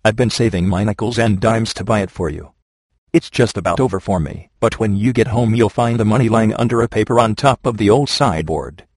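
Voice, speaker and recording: A man voicing a gentle, loving young wife on her deathbed, read aloud in a plain, soft way. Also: lowish voice, brisk, breathy edge, dry recording, studio quality. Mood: tender.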